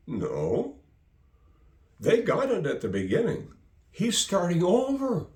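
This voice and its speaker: A man's voice: high-pitched, a little mellow. A male pastor preaching a sermon, emphatic and fond of repeating phrases for stress. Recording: roomy echo.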